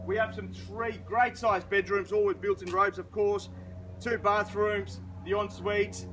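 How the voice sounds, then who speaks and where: A man's voice: high-pitched, bright, forceful tone, slight background noise, low-quality recording. An Australian man working as an auctioneer, addressing a crowd at an outdoor house auction in a showy sales patter.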